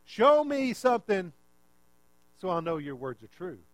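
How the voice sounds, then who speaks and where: A man's voice: mid-range voice, animated, normal speed, no room sound. A preacher playing a doubtful old male priest who pleadingly demands proof. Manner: pleading, insistent.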